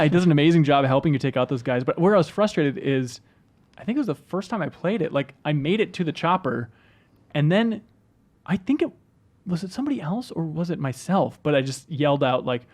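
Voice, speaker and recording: Male podcast host, quick and a bit high-pitched, animated reader of listener mail. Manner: animated, reads messages aloud quickly. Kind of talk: casual podcast chat.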